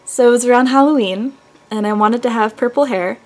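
A woman's voice: fairly high pitch, fairly quick, a little mellow. A woman in her twenties from New Jersey, chatting casually through a product review and laughing often. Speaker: beauty vlogger.

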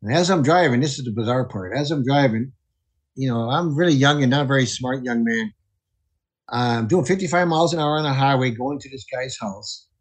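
A man's voice: medium pitch, a little fast, husky, rough recording. A man, a chaplain guest, earnestly telling a personal testimony and acting out the voices in it. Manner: earnest, vivid storytelling with voiced quotes.

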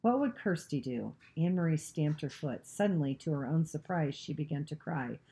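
A woman narrating a novel, reading aloud in a steady, even storytelling manner. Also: low voice, normal speed.

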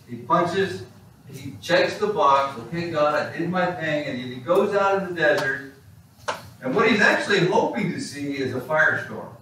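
A male pastor preaches in an animated, storytelling way, his voice fairly high for a man. The sound is very echoey, picked up from a distance in a church sanctuary, with faint room noise. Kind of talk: sermon. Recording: echoey hall, distant mic.

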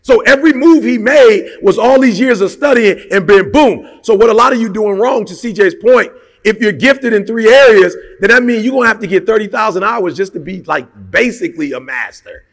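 A man's voice: sits high, a little fast, long reverb tail. A man giving a motivational talk, emphatic and colloquial, firing off rhetorical questions. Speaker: motivational speaker.

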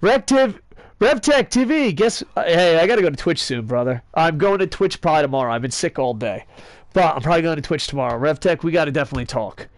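Brief: fairly high-voiced male gaming host, sarcastic, rambling, swears freely, dry close sound. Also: fast, no room sound. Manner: rambling, joking rants with sarcasm and cursing; excitable, talks to a friend off-mic. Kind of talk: casual gaming commentary.

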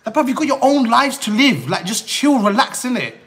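A brash young man runs a casual live stream. His voice sits high and swings widely as he cuts in with repeated phrases. It is an informal, talk-over-each-other chat. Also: sing-song, a little fast, a bit bright. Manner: brash, keeps repeating himself to cut in. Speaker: livestreamer.

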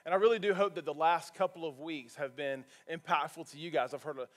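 A man's voice: fairly high pitch, steady tone, fast. A male pastor preaching a sermon from a church stage, earnest and building to emphatic points.

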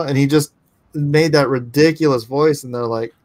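A man casually telling a rambling story with halting restarts. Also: a little high, steady tone, darkish tone, no echo. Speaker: co-host.

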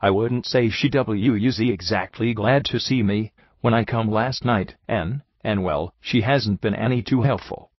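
Gruff irish sergeant, man doing the voice, low husky drawl, dull dry recording. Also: measured pace, no room sound. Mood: confiding. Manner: folksy, drawling, dropped g's.

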